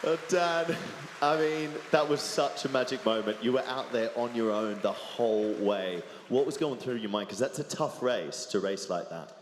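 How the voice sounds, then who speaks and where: A man's voice: lowish voice, normal speed, few pauses, a little hiss or hum. A man interviewing a swimmer poolside, effusive and emotional, in a large indoor arena. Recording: echoey arena with long reverb.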